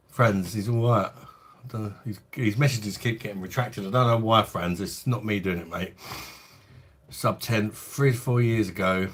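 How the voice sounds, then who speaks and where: A man's voice: on the low side, measured pace, a bit bright, husky. A man in his late thirties with a London accent, chatting casually on a beer review livestream and answering viewer comments in a laid-back way. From London, England. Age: 30s. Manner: laid-back, chatty, says mate a lot.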